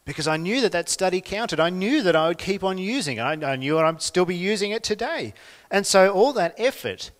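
A man with an Australian accent preaching a sermon, swinging from quiet, reflective lines to loud, emphatic ones. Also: high voice, lively intonation, a little fast, in a large hall. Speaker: pastor.

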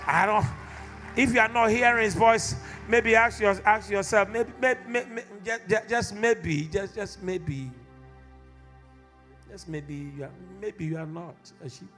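High-voiced impassioned male pastor preaching. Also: moderate pace, faint music behind. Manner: impassioned preacher who builds to shouted exhortation. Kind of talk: sermon. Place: church.

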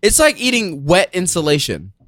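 A man's voice: high voice, huge pitch swings, normal speed, fairly bright tone, slight background noise. A young man in casual chat as a podcast co-host, blunt and playfully complaining.

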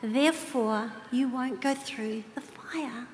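A woman voicing God with a calm, slow, solemn delivery. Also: on the high side, a little hiss or hum. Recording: reverberant hall with faint ambience.

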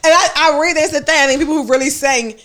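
High-voiced laughing woman telling stories. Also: fast talker, crowd noise. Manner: loud, laughing storyteller, acts out quoted people. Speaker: podcast host. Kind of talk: casual chat.

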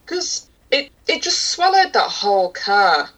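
A woman's voice: medium pitch, very animated, unhurried, fairly bright tone, low-quality recording. A woman chatting casually about a film, reacting and adding her own thoughts. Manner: conversational, reactive.

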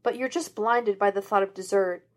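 A restless young man of a detective, as a woman reader puts him on, quipping and protesting, his voice jumping up high and loud in bursts. The talk is fast and playful. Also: close to an everyday voice. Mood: wisecracking. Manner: excitable, wisecracking, jumps up in pitch. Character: restless joking young male private detective.

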